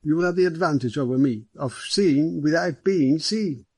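A man's voice: fairly high pitch, normal speed, breathy edge, no echo, voice pushed up. A man voicing a large, genial middle-aged police superintendent, speaking heartily in a lifted voice. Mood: confiding. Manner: hearty, raised and brightly lifted.

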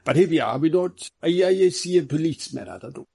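A man voicing a playful foreign detective who speaks in halting, broken English, in an audiobook. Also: a little high, expressive, vocal fry, dark tone, husky, voice pushed up, exaggerated voice.

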